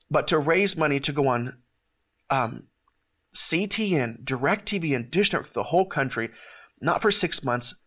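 A man hosting a ministry show, giving an emotional testimony in an earnest, halting way with many restarts, near tears. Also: mid-range voice, fairly bright tone.

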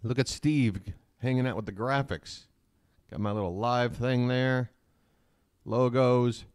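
A man's voice: mid-range voice, steady tone, unhurried, a little mellow, clear, resonant tone, no room sound. A man talks casually to his live chat from his laptop at home, wandering from thought to thought and poking fun at himself. His voice sits in the middle range. The sound is close and dry, with no room around it. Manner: rambling, self-mocking, jokey asides to chat. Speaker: live stream host. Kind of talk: casual live stream chat, reading chat aloud.

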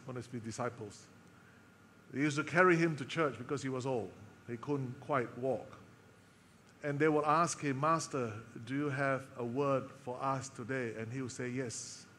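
A man preaching a sermon, telling a story with emotional pauses and dropping to a soft voice for quoted lines. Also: mid-range voice, long reverb tail, slight background noise. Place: church hall.

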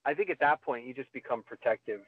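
A man's voice: medium pitch, fast, no room sound. A male actor telling stories in a casual interview and acting out quotes with energy. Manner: animated, laughs and acts out quotes. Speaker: actor guest. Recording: tinny phone-like line, dry.

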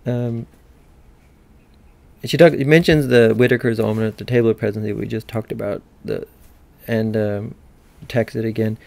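American male lecturer, gravelly, rambling with fillers, dry close sound. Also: fairly low pitch, fairly even intonation, a little mellow, no room sound. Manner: digressive, halting, with many fillers. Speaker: literature lecturer. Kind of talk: recorded university lecture.

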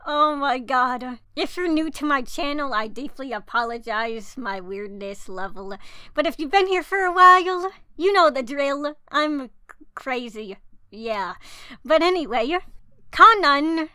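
A woman vlogging casually over a mobile game, gushing and excitable, often apologizing for herself. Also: high voice, measured pace, dry recording. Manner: gushing, excitable, self-deprecating. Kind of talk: casual gameplay commentary.

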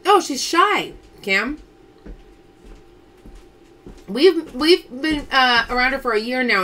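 High, lively-voiced woman hosting a live sale. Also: slow, pauses often. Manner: chatty, reads out viewer names and calls results. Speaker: host of a live pearl-opening sale. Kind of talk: casual live-stream selling.

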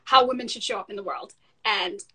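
A woman with a bright, fairly high voice moderates a panel discussion. She is enthusiastic and drops Caribbean slang into her long questions. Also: brisk, rough recording.

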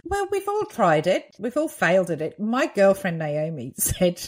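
A woman co-hosting a podcast in casual, animated chat, laughing often. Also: mid-range voice, moderate pace, low-quality recording. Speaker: podcast co-host, medium.

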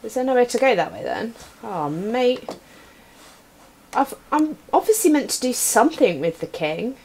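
A young woman streams a retro adventure game, joking playfully with her viewers as she types commands, with keyboard clicks audible in the background. Her voice is a little high and slightly mellow, swinging widely in pitch at a moderate pace. It's casual live-stream commentary, and there's slight background noise.

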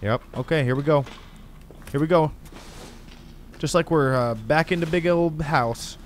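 An excitable man talks through a horror game as he plays, full of exclamations and casual slang. His voice sits a little high for a man. A faint hiss runs under the recording. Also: a little slow. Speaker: gaming channel host. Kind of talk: let's play commentary.

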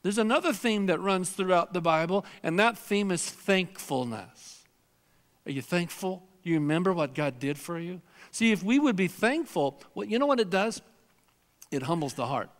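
A man's voice: high voice, expressive, moderate pace, big-room sound. A man preaching a sermon as pastor, earnest and emphatic, repeating phrases and acting out prayers and scripture in a church sanctuary.

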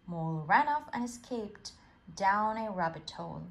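A woman reading a bedtime story aloud in a slow, gentle and expressive way. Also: medium pitch.

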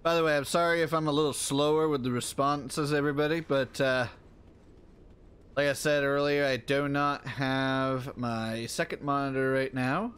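A man's voice: medium pitch, fairly even intonation, normal speed, fairly bright tone, clear, resonant tone. A man streaming a video game live, chatting casually with viewers and reacting to the game as he plays. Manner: chatty, answers viewers while playing. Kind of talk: casual gaming commentary.

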